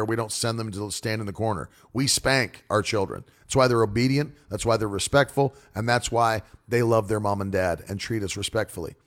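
Gravelly-voiced male preacher. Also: mid-range voice. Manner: repeats phrases for emphasis; loose, flowing delivery with restarts. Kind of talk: sermon on marriage and parenting.

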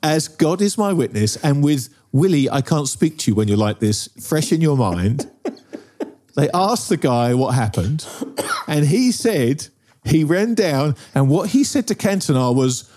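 A middle-aged man chats and tells a long story, his pitch swinging widely as he goes. His tone is dark and mellow, a little higher than most men's. He keeps checking in with his listener. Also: sing-song, a little slow. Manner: storytelling, keeps asking "right?". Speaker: podcast co-host. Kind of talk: animated casual chat.

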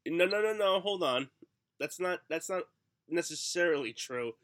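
A middle-aged man with a raspy, hoarse voice from the flu, coughing now and then as he tells rambling, self-mocking stories in casual chat as a podcast co-host. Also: on the high side, animated, normal speed, a bit bright.

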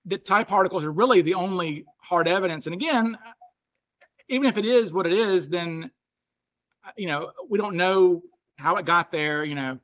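A man with a fairly high voice hosts a podcast in loose, casual conversation. He thinks aloud as he talks and often circles back to rephrase what he just said. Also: normal speed, fairly bright tone. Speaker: podcast host. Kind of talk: casual chat.

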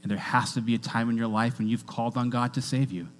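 Energetic preacher man over a faint hum. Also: medium pitch, fast. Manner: energetic, with call-and-response to the congregation. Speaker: pastor. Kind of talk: sermon.

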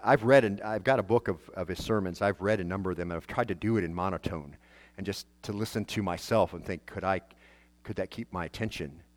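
A man's voice: low-pitched, fast. A man, a pastor, preaching a sermon in a conversational way, asking rhetorical questions and often restarting his phrases.

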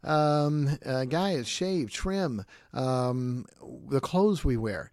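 Man giving a lively devotional talk. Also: mid-range voice, extremely slow, no echo, clean studio sound. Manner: animated, mimics groans, chuckles often; conversational, asks listeners questions. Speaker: podcast host.

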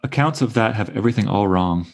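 A man's voice: lowish voice, animated, fast, gravelly. A man in his thirties leading a casual literary discussion, enthusiastic and stumbling over restarts. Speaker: discussion leader.

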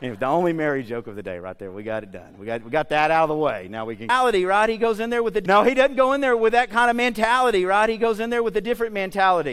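A male pastor preaching a sermon in a lively, conversational way, with joking asides and frequent checks like "okay?". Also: high-pitched, fast talker, clean tone, in a large hall.

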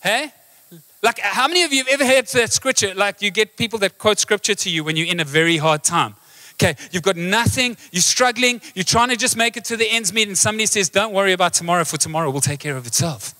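A man preaching a live sermon as pastor, animated and talking straight to the congregation with questions. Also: sits high, a little fast. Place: church hall.

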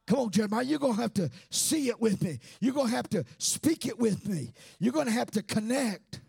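A man preaching a sermon with fervent, shouted, sing-song delivery and frequent "uh" fillers. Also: very high-pitched, animated, brisk, creaky, slightly rough, dry recording, clean studio sound.

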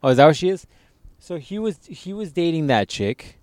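Crude, animated podcast guy. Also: a little high, normal speed, no echo, studio quality. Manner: loose, swearing, animated storytelling. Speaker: podcast co-host. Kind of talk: crude casual banter.

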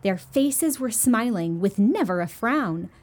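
Woman children's storyteller, sing-song, gentle and unhurried; lively high delivery. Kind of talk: reading a picture book aloud to children.

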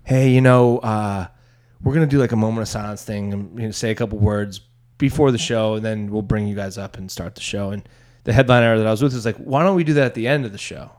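A young man, a stand-up comedian, telling a story in casual chat, rambling with restarts and bursting into loud voices for other people. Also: lowish voice, fairly even intonation, brisk. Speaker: stand-up comedian, podcast co-host.

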